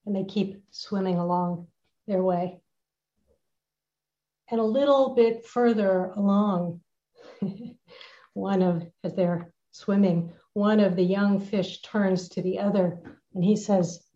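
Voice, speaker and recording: Slow, mellow woman teaching a retreat. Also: mid-range voice, steady tone, lo-fi sound. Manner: gentle, unhurried, laughs softly. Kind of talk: reflective retreat talk. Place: at home with a dog nearby.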